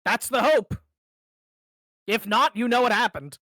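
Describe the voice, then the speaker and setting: A man speaking in character during a tabletop game, hesitant and prone to stammering restarts. His voice is high and bright. The sound is dry and close. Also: expressive, a little slow, no room sound. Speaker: player. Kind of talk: in-character tabletop role-play.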